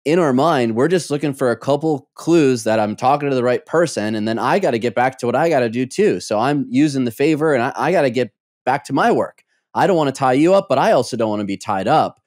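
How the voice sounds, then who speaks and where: A man hosting a podcast interview, reflecting on what the guest said and asking measured follow-up questions. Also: mid-range voice, animated, darkish tone, dry recording, clean studio sound. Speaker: podcast host. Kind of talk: interview conversation.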